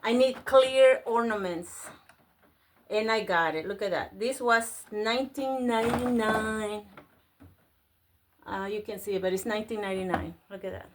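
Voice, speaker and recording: A woman whose first language is Spanish, excitedly chatting through a casual unboxing and gasping over each find. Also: mid-range voice, normal speed, noisy background. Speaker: vlogger unboxing a craft store grab box.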